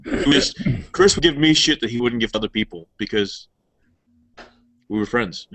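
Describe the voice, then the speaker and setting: A man's voice: medium pitch, normal speed, no room sound, poor audio. A man chatting casually, rambling a little and joking crudely. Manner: relaxed, rambling with fillers, crude jokes. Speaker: podcast co-host. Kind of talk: casual chat.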